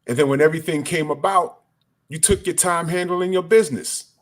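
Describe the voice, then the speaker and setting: A man's voice: fairly high pitch, fairly quick. A man giving an angry, profane rant as a boxing commentator. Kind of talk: ranting commentary.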